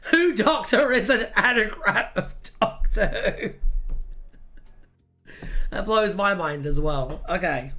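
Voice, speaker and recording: A livestream host chatting casually with viewers while reading, in a mid-pitched voice. The delivery is chatty and sweary, full of quick asides to chat. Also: fairly bright tone.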